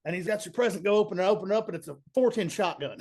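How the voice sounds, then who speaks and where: A young man from Kentucky with a Southern accent, a band's bassist telling stories in a laid-back, chatty way. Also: racing, a little mellow. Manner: laid-back, chatty storyteller, says "man" and "dude" a lot. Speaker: band bassist, guest. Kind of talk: casual interview chat.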